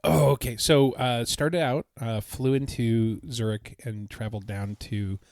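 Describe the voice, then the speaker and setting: A man co-hosting a casual podcast, telling rambling travel stories with frequent laughs and throat-clearing. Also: mid-range voice, steady tone, measured pace, a little mellow, no room sound, studio quality. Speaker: podcast co-host. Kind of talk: casual chat.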